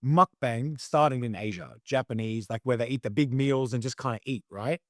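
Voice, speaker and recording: A young man with an Australian accent chats as a podcast guest, talking with loose enthusiasm and plenty of filler words. His voice sits in a middle pitch, and the recording is dry and close with no room sound. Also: normal speed, a bit bright, no echo. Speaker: guest, competitive eater. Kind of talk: casual interview chat.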